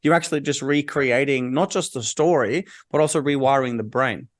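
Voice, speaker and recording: A man's voice: medium pitch, a little fast. A man hosting an interview. He asks questions in a rambling way and restates his guest's ideas back to him. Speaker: interview host.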